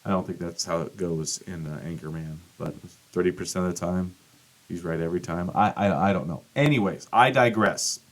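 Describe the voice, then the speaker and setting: A middle-aged man hosting a podcast, telling a rambling, profane story and acting out quotes with big jumps in pitch. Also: fairly quick. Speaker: podcast host. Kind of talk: casual monologue.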